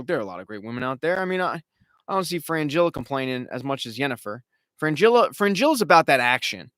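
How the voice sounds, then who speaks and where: A man's voice: mid-range voice, a bit bright, no echo, clean studio sound. A man hosting a live recap stream, talking casually at home, rambling, swearing and slipping into mocking impressions. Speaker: show host.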